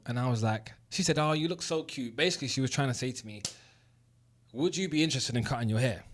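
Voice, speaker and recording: A young man with a London accent tells a personal story straight to his listeners. His voice sits in an ordinary middle pitch, and he talks in a candid, earnest way, swearing freely as he drives his point home. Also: fast. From South West London. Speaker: host. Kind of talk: motivational storytelling monologue.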